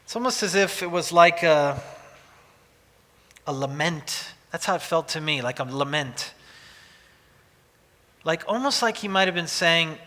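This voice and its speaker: A man's voice: on the high side, expressive, unhurried, long pauses, bright, forceful tone. A pastor in his forties giving a conversational sermon, telling stories with frequent restarts. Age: 40s. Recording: long reverb of a large hall.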